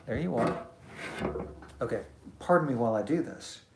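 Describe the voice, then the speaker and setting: A man's voice: mid-range voice, expressive, moderate pace, gravelly, background noise. A man hosting a casual live stream, chatty and self-deprecating as he reads out comments. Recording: echoey room.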